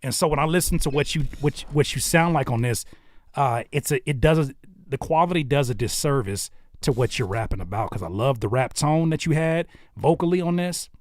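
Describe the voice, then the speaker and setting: A man's voice: medium pitch, animated, brisk. A man hosting a livestream, giving casual, slangy feedback on viewers' music and thinking aloud as he goes. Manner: laid-back, conversational, slangy, thinks aloud with restarts.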